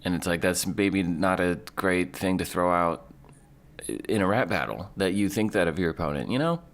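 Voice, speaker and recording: A man's voice: low voice, moderate pace, a little hiss or hum. A young man hosting a casual commentary, rambling, sarcastic and sweary. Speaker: host.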